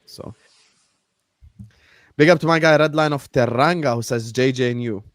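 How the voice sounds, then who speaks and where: A man hosting a live football talk stream, animated and laughing as he shouts out viewers by name. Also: medium pitch, moderate pace, dry recording. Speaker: host.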